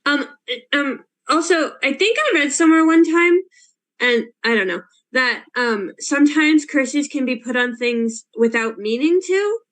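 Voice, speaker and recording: A woman's voice: high-pitched, a bit bright. A woman playing a student in a tabletop game over a video call, hesitant and questioning, with many likes and ums. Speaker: player.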